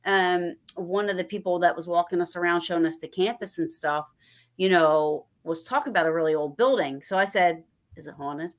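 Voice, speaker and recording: A woman's voice: lowish voice, a little fast. A woman hosting a podcast, telling stories in casual chat and quoting people along the way. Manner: chatty storyteller, animated quoting of others. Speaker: podcast host.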